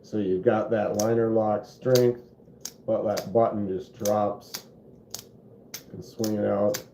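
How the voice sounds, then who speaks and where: Man, casual live-stream host, rambling, slow, muffled phone audio, roomy echo. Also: fairly low pitch, flat delivery, vocal fry, noisy background. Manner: rambling, laid-back, many fillers. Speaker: knife channel host. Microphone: phone microphone.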